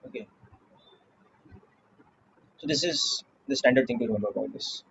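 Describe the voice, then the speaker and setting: A man with an Indian English accent teaching a physics class, explaining slowly and checking in with "okay" often. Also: medium pitch, expressive, vocal fry, a bit bright, dull audio, slight background noise. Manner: slow, deliberate explaining with frequent "okay" checks. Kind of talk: classroom lecture.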